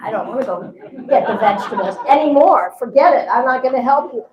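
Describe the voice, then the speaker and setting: A woman's voice: on the high side, animated, quick pace, highs cut off, a faint crowd, close to an everyday voice. A woman voicing a petulant grown man who refuses to help, in a roomy-sounding recording. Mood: sulky. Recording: roomy echo.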